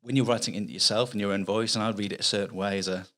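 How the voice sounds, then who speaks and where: Fast-talking Mancunian man, low voice. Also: steady tone, a bit bright. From Manchester, England. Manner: chatty, earnest, explains at length with restarts. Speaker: children's author guest. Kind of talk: casual podcast interview.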